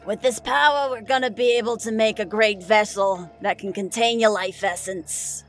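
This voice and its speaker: A woman voicing a wizened, ageless old fortune-teller woman who speaks slowly and cryptically. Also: mid-range voice, fairly even intonation, soft background music, close to an everyday voice. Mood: solemn. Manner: slow, solemn, cryptic.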